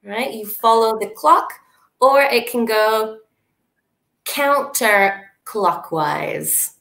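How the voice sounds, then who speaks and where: Canadian woman, relaxed lesson co-host, slow delivery, a bit high, giggly. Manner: easygoing, laughs often, thinks aloud with restarts. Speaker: English teacher co-hosting a livestream. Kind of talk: friendly live online lesson chat.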